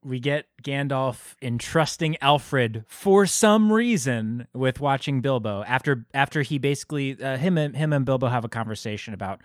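A man co-hosting a casual podcast, retelling film scenes with lively quoted voices. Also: mid-range voice, normal speed, hardly any pauses, no echo, studio quality. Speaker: podcast co-host. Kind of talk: casual film review chat.

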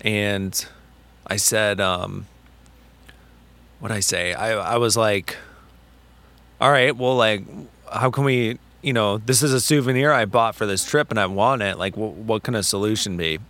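A man co-hosting a podcast, telling a story in casual chat, animated and full of swearing and quoted back-and-forth. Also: on the low side, measured pace. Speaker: podcast co-host.

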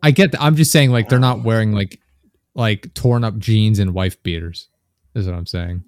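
A man's voice: lowish voice, normal speed, no echo, clean studio sound. A young man, a podcast guest, chatting casually and telling rambling anecdotes with chuckles.

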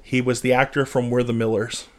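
A man co-hosting a casual gossip podcast with his wife, animated and joking, breaking into loud outbursts. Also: medium pitch, a little fast. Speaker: podcast co-host.

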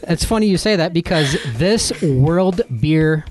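A man's voice: fairly high pitch, a little slow, a little mellow. A man co-hosting a podcast, chatting casually through a beer segment, rambling and laughing easily. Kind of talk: casual chat.

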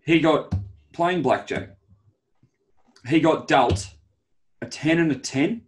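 With soft music in the background, an Australian podcast co-host takes things slowly in a fairly high voice. He teases, laughs often and tells stories in a casual chat.

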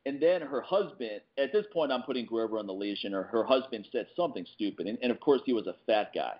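A man hosting a casual podcast, telling lively stories and laughing often as he talks. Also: medium pitch, fast talker, lo-fi sound. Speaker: podcast host.

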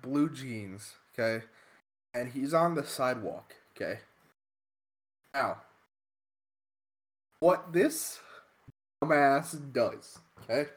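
Man, casual storytelling, unhurried, lively pitch, swearing, lots of fillers. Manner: profane, animated storytelling with many fillers.

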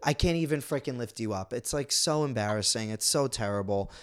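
A man's voice: mid-range voice, fairly quick. Emotional man rambling with restarts. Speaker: reality show contestant. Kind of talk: casual chat.

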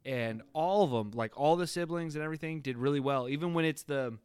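A man's voice: a little high, brisk, a little mellow, clear, resonant tone, dry recording. A man casually reviewing a horror movie with friends, rambling and laughing as he acts out quotes. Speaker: podcast co-host.

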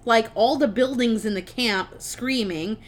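A young woman with a slightly high voice tells a film's plot to her co-host in an animated, rambling way. She leans on "like" and casual swearing as the story builds. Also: a little slow. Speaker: podcast co-host. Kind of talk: casual film recap.

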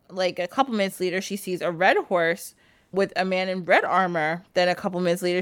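A woman hosting a podcast, casually retelling a folk tale with a loose, animated delivery full of "like". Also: lowish voice, no room sound. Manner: animated retelling with frequent laughs and "like". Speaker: podcast host. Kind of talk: casual storytelling chat.

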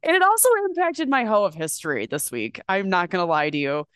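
A woman co-hosting a casual podcast, chatting and storytelling in an animated way, swearing freely and acting out quotes in a higher voice. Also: a little fast, no room sound, clean studio sound. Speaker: podcast co-host.

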